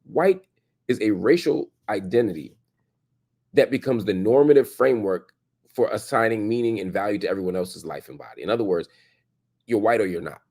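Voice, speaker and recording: A man's voice: fairly low pitch, expressive, a little fast, mellow, husky. A man hosting a reaction commentary, emphatic and repeating his points for stress. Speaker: show host and commentator. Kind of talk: reaction commentary on a played clip.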